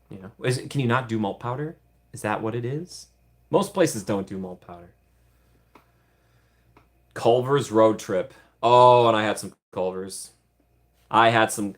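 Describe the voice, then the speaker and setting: A man with a lowish, fairly bright voice chats casually on a livestream. He giggles a lot while playfully answering his viewers' comments.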